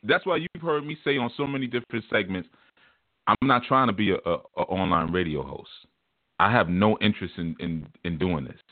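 A man hosting an online radio talk show, talking in an animated, emphatic way and repeating words as he starts his thoughts. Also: on the low side, dry recording. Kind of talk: casual talk show monologue. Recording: dry, tinny phone line.

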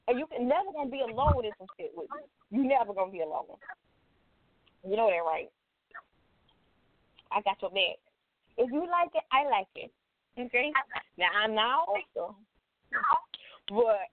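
Co-host: playful, swearing woman, high and very lively pitch, tinny phone-line sound. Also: moderate pace, pauses often, dry recording. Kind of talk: casual chat.

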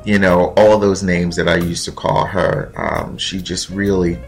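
A podcast host with a very low, deep, gravelly voice delivers a reflective monologue in a level tone, earnest and heartfelt, pausing often, using fillers and reaching for words. Soft music plays faintly beneath him.

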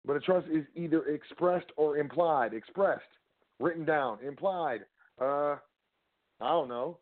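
A man's voice: fairly high pitch, a little slow. A man giving a rambling, casual lecture, often asking and answering his own questions and talking straight to the listener. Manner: rambling, rhetorical, talks to the listener directly. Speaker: trust law educator. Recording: phone-like narrow audio.

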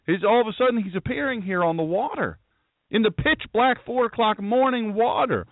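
A man's voice: high voice, expressive, fairly quick, no echo, phone-quality sound. A man preaching a sermon who tells the story dramatically and acts out the voices of the people in it. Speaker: pastor.

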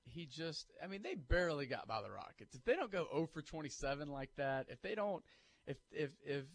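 A man, co-hosting sports talk radio on a studio mic, animated and pushing emphatic hot takes. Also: fairly high pitch, a little fast. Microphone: studio microphone.

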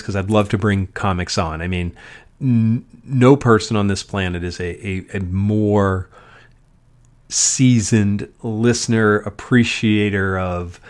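A man hosting his own podcast, talking alone in a rambling, profane way with frequent ums. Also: fairly low pitch. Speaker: podcast host. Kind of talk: solo podcast monologue. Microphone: podcast mic.

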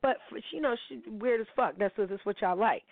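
A woman's voice: fairly high pitch, brisk, dry recording. Blunt profane woman on tinny audio. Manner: blunt, profane, animated storytelling. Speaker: podcast host. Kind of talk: candid casual monologue. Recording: dry tinny phone-like audio.

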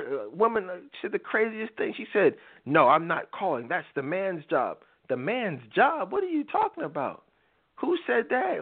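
A man hosting a live talk show, lecturing his listeners in an emphatic, preachy monologue and acting out quoted lines in other voices. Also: high voice. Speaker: show host. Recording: tinny phone-like audio.

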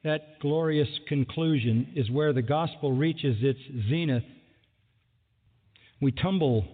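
Animated preacher man in an echoing hall. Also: on the high side, takes it slowly. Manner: animated, rhetorical questions, mock exasperation. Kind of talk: sermon. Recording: phone-like audio in a large echoing hall.

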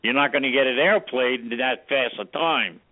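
A man's voice: medium pitch, moderate pace. A man, a former studio sound engineer, telling anecdotes casually in an interview and acting out the dialogue. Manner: animated storyteller who acts out quoted dialogue. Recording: tinny phone-like radio audio.

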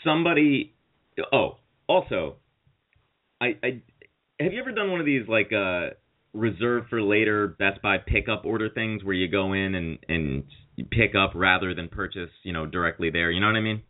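A man's voice: on the low side, animated, moderate pace. Rambling man telling a story, tinny audio. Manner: rambling, profane anecdotes with acted-out quotes. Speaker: podcast co-host. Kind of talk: casual storytelling chat.

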